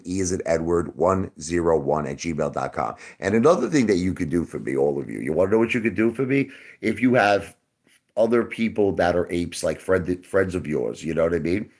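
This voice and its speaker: A man hosts a casual livestream, ranting straight at his viewers. His voice sits low but swings wildly in pitch, from booming outbursts to near-mutters. He sounds swaggering and profane, like he's holding court. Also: darkish tone. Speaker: YouTube livestream host.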